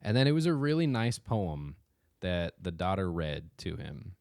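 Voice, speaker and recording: A man's voice: low-pitched, sing-song, normal speed, vocal fry, a little mellow, no echo. A man co-hosting a casual podcast chat, teasing his partner with dry humor and laughing often. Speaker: podcast co-host. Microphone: studio microphone.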